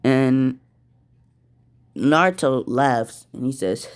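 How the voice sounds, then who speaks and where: A man narrating an improvised fan story at a very slow pace. His speech is halting, full of pauses and restarts. His voice sits in a mid pitch.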